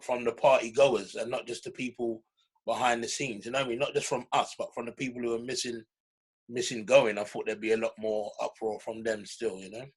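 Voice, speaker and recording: A man's voice: medium pitch, level tone, fairly quick, slightly rough, rough recording. A man in casual conversation, earnest and asking friendly questions.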